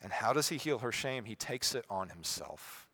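A man preaching a sermon in a bright, forceful voice. He drops to near-whispers and then rises to loud emphasis, and he acts out the quoted speakers with a sarcastic edge. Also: medium pitch, expressive, moderate pace, slightly rough. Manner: dynamic, swings from hushed to loud emphasis.

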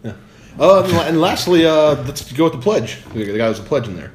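A man's voice: fairly high pitch, big pitch swings, a little fast, a crowd in the background. A young man co-hosting a casual podcast, joking loosely and steering the talk to the next topic. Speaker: podcast co-host.

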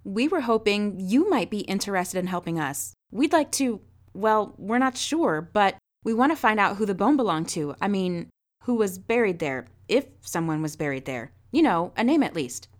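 A woman's voice: mid-range voice, big pitch swings, moderate pace, natural voice. A woman voicing an earnest young girl in a storybook reading.

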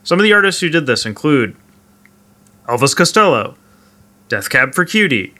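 Male podcast co-host, bright tone, dry and matter-of-fact. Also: a little high, sing-song, moderate pace. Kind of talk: casual chat.

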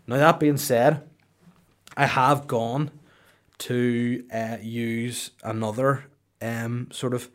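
A young man, hosting a comedy podcast in a rambling, crude monologue and slipping into silly put-on voices. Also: mid-range voice. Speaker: podcast host.

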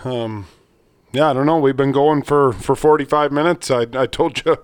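A man hosting a casual fishing interview, laid-back and quick with short agreeing replies. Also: medium pitch, fairly even intonation, a little hiss or hum. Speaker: podcast host.

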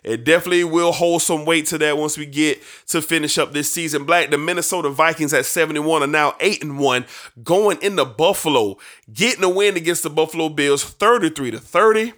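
Man, sports talk host, casual, emphatic, slangy, fairly high voice. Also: brisk. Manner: animated, emphatic, folksy slang.

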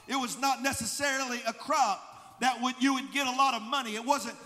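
High-voiced preaching pastor, man. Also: big-room sound. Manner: preaching, building to shouted emphasis. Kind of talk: sermon. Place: church sanctuary.

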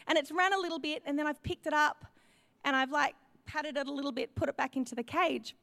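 An Australian woman in her thirties telling a personal story to a church congregation, acting out her own quoted thoughts with lively energy. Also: high-pitched, brisk, gravelly, no echo. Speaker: church speaker.

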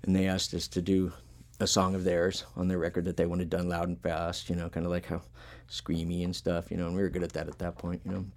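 Guy with a real low voice rambling thru band stories, swears a lot, laid back. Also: monotone, a little fast, few pauses. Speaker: podcast host and punk musician. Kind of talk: casual chat.

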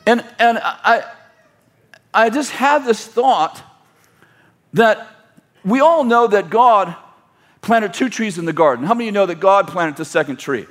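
A man's voice: high voice, lively intonation, a little slow, long pauses. A male pastor preaching a sermon, rambling and correcting himself as he leads the congregation in call-and-response.

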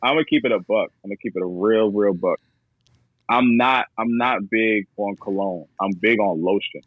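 A man's voice: fairly low pitch, normal speed, no echo, phone-quality sound. A man talking casually as a podcast guest, laid-back and slangy, often repeating himself as he works out what to say.

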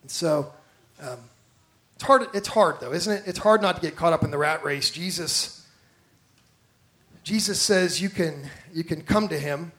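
A male pastor with a high voice delivers a lively sermon. He tells stories with energy, acts out the people he quotes, and turns to the congregation with direct questions. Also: unhurried, pauses often.

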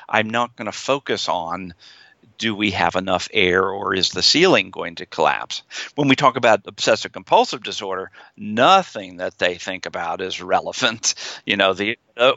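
Male psychologist guest, middle-aged, bright forceful tone, dry slightly dull sound. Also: fairly low pitch, no room sound. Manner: acts out fearful inner voices. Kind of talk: explaining in an interview.

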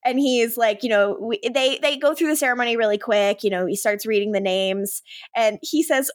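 Podcast co-host, woman, high pitch, dry close sound, animated casual recapper. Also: a little fast, dry recording. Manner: animated, quotes characters in lively voices. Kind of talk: casual chat recapping a TV episode.

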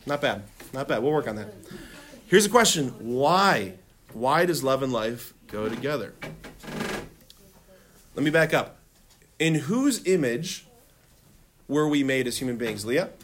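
A man teaching a classroom of children, animated and laughing, calling on students and leading them in call-and-response. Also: medium pitch, measured pace, pauses often, slight background noise. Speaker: religion teacher.

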